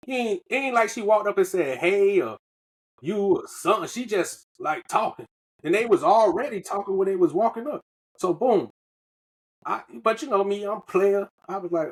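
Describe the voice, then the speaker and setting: A man's voice: high voice, lively intonation, brisk, husky. A man from the US, telling a loose, profane story on a podcast in casual slang. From Southern United States. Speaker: podcast co-host.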